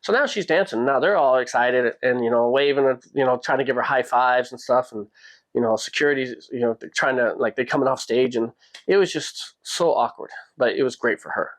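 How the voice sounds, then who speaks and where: A man hosting a podcast, telling a personal story in a casual, animated way and jumping his pitch up when he quotes people. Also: a little fast. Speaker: podcast host.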